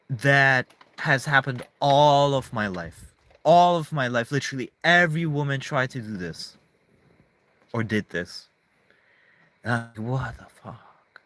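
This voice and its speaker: A man's voice: mid-range voice, fairly bright tone. A man in a casual, rambling monologue to camera, emphatic, swearing often and restarting his sentences. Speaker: vlogger.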